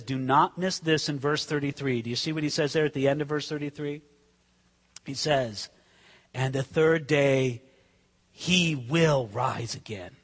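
A man preaching a sermon, swinging between hushed, slow asides and sudden dramatic shouts. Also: sits high, in a large hall. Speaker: pastor.

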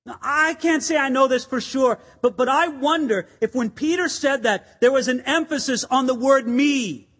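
A man delivers an earnest, emphatic sermon, his voice sitting unusually high. He drives his points home with rhetorical questions and repeated phrases. A long reverb from the church hall trails each line. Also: normal speed, few pauses, a bit bright, slightly rough. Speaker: pastor.

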